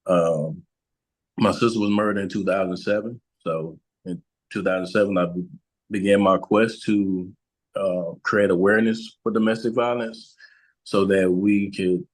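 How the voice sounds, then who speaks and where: A man with a very low, deep voice speaks as a guest on an interview podcast. He tells a personal story slowly and haltingly, pausing often and restarting his sentences. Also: fairly even intonation, low-quality recording. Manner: slow, halting, with frequent fillers and restarts. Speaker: guest, relationship and trauma coach.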